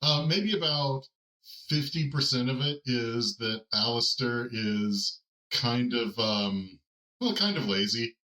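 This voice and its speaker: A man's voice: mid-range voice, expressive, takes it slowly, pushed and bright, roomy sound, rough recording. A man on a podcast call, explaining his game choices in a hesitant, rambling way. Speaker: podcast co-host and player. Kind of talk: casual group chat. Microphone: remote call mic.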